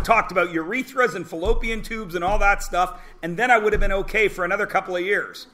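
A man in his forties teaching a high school math class, joking with the students between problems and sometimes bursting into shouts. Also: fast talker, few pauses, noisy background. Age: 40s. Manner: wisecracking, theatrical asides and bursts of shouting.

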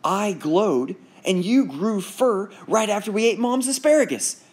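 Male reader playing a bold, giggly young girl in a storybook, high and bouncy. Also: expressive, measured pace. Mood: playful.

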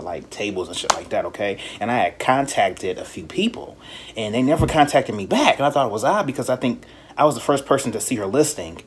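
A man hosting a podcast in casual chat, telling stories in an animated, profane way and mimicking people in high voices. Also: a little hiss or hum. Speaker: podcast host.

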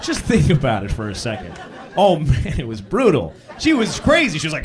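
A male comedian telling stories in a stand-up set, shouting out the lines of people he acts out. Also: fairly high pitch, fairly quick, background noise. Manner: animated storytelling, shouting acted-out quotes. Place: comedy stage. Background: audience laughter.

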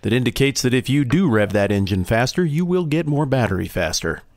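A man's voice: mid-range voice, animated, fairly quick, a little mellow, dry recording, clean studio sound, pitched above the performer's own voice, lightly acted. A man voicing a jovial middle-aged tavern barkeep with hearty, old-fashioned courtesy.

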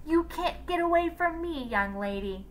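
Woman doing a stern old teacher who won't let up, hollering, bright voice. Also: a little high, expressive, measured pace, a little hiss or hum. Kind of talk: read-aloud storybook voices.

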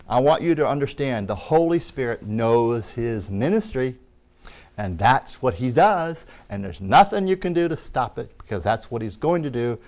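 A man preaching a lively sermon, acting out quoted voices and laughing along the way. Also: medium pitch.

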